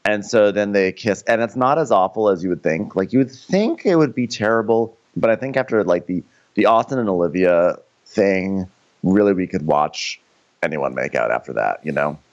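Low-voiced wry male co-host, animated, muffled lo-fi sound. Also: normal speed. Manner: wry storytelling, slips into quoted voices. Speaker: podcast co-host. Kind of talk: casual comedic TV recap.

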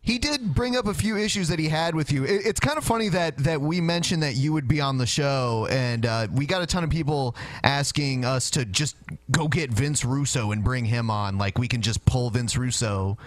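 A man hosting a podcast, asking halting questions to a guest in casual chat. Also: mid-range voice, no room sound. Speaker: podcast host.

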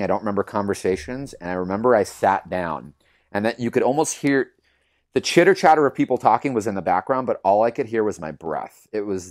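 A man, a yoga teacher, telling his own story in conversation, earnest and animated, acting out the voices he quotes and leaning on lots of fillers. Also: fairly low pitch, no echo, clean studio sound.

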